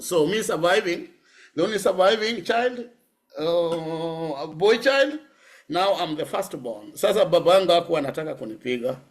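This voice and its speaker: A middle-aged Kenyan man giving a public lecture, telling personal stories in a lively way. He laughs often and sometimes switches into Swahili. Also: fairly high pitch, creaky. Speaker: guest lecturer.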